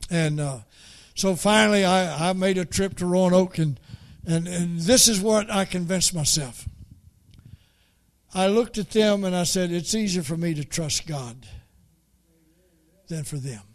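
A man preaching a folksy story, halting and repeating words as he goes. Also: high voice. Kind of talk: storytelling sermon.

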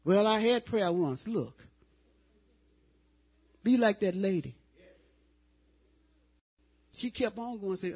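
Husky, fervent older woman preacher. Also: mid-range voice, animated, slow, pauses often. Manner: folksy, testifying, rising to loud fervent exclamations. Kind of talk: revival sermon.

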